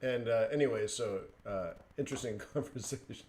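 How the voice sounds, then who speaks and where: A man's voice: mid-range voice, normal speed, long pauses, a little mellow. A man hosting a live trading stream, talking casually with lots of fillers and chuckled asides. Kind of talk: casual chat.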